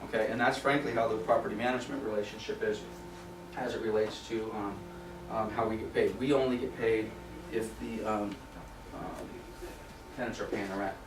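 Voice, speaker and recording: A man's voice: on the low side, steady tone, moderate pace. Man, property management trainer, conversational, stresses key points, distant mic, echoey meeting room, faint hum. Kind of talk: recorded training class for agents.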